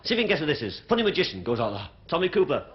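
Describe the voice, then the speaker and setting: This is a cheeky stand-up routine from a Liverpool man chatting with his theatre audience, preserved in dull 1970s broadcast audio with big laughs. His voice is a little high and very animated, and he races along against background noise.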